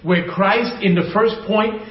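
A man preaching a sermon to viewers, emphatic and repetitive, often dropping low and soft to stress a point. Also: a little slow, reverberant, lo-fi sound. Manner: emphatic, repeats key phrases, drops low and soft for stress.

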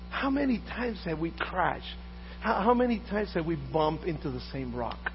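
A man in his fifties preaching a sermon as pastor, swinging between loud emphatic lines and quiet asides. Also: on the high side, sing-song, moderate pace. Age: 50s. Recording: dull lo-fi audio with faint mains hum.

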